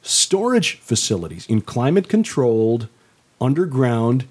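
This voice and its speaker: Husky-voiced man, chatty co-host. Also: medium pitch, very animated, unhurried, darkish tone. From St. Louis area. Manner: stammers and restarts, chuckles often. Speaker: co-host and novelist. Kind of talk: casual chat.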